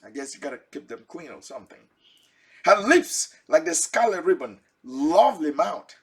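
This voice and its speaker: A man's voice: on the high side, very animated, normal speed, husky. A man preaching a Bible teaching sermon, asking his listeners direct questions and chuckling now and then.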